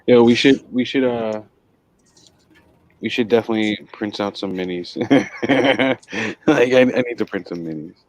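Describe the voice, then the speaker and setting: A man's voice: lowish voice, unhurried, dry recording, poor audio. A man co-hosting a hobby stream, chatting casually with enthusiastic, slangy reactions. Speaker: co-host. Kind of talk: casual chat.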